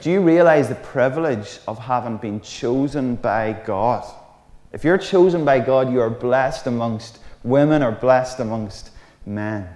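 A man preaches with a lively, conversational manner and throws in jokey asides. His mid-pitched voice rings out with a long reverb tail, as if recorded in a big, roomy hall. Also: unhurried. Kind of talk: sermon.

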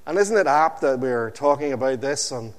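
A man preaching an evening sermon, slow and emphatic, with dramatic pauses and phrases that sink low and quiet at the end. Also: lively intonation, long reverb tail.

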